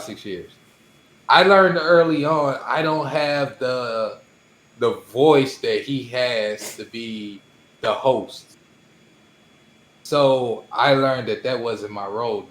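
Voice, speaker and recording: A man's voice: mid-range voice, slow pace, fairly bright tone, roomy sound, low-quality recording. A man co-hosting a podcast in casual chat, speaking modestly and calling his own voice weak. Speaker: podcast co-host.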